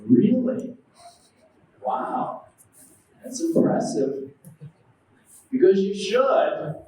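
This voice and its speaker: A man's voice: high-pitched, big pitch swings, very slow, dark tone. A man giving a devotional lecture as a preacher, telling stories and acting out quoted voices while questioning his audience. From United States. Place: temple hall. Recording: very echoey hall, mic at a distance.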